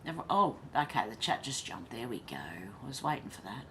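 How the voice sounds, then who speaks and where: A woman's voice: extremely low pitch, very animated, a little fast, pushed and bright, slight background noise. An Australian woman hosting a casual livestream, reading viewer comments aloud and reacting with laughs. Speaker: livestream host reading chat. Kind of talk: casual live chat.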